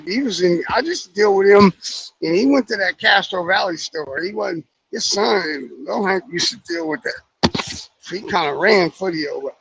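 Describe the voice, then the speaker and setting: Co-host guy, high bright voice, chill short replies, a bit of room noise behind. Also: creaky, low-quality recording. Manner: laid-back, short reactions and asides. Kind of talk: casual chat.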